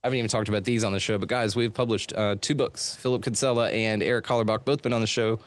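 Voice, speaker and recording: A man's voice: on the low side, steady tone, fast. Laid-back, swearing man telling his story. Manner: loose and profane, lots of fillers. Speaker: podcast host being interviewed. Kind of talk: casual storytelling chat. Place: home studio with soundproofing.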